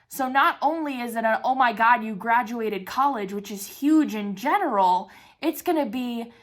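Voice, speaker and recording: A woman's voice: fairly high pitch, a bit bright. A woman in her twenties chatting casually and emphatically on her vlog, laughing often and swearing now and then. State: excited. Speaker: crafting vlogger. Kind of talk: casual chat.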